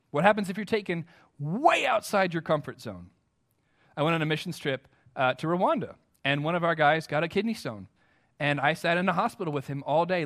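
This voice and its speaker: High-voiced earnest American preacher man. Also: fairly bright tone. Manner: earnest, emphatic preaching with direct questions to the congregation. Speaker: pastor. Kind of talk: sermon.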